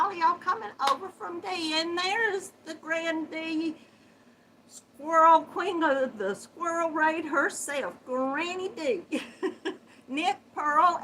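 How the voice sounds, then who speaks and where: There's a little hiss or hum behind this high-pitched middle-aged woman as she hosts a casual live chat. Sniffling with a runny nose, she greets viewers with sweet Southern endearments, talks chattily, and laughs often.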